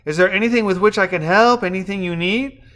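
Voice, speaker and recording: A man's voice: sits high, brisk, fairly bright tone, pitched above the performer's own voice. A man reading a novel aloud, voicing a polite, formal female hotel receptionist who is eager to help. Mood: courteous.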